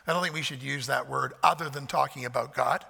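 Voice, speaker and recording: A man preaching a sermon, emphatic, swelling loud on repeated phrases, with folksy asides. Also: medium pitch, fairly even intonation, quick pace, gravelly, slightly rough. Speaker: pastor. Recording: long hall reverb.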